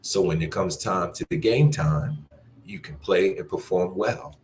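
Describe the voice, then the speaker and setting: A man teaching a language class, encouraging his students and repeating phrases slowly for them to practice. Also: low-pitched, darkish tone, slight background noise. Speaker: Spanish teacher. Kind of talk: live online language class.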